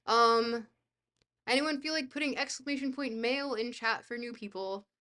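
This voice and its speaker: A woman with a fairly high voice reads a dense book aloud on a live stream. She keeps breaking off to chat, hesitating with fillers and laughing at herself. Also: moderate pace, sharp tone. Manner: laughs easily, self-deprecating.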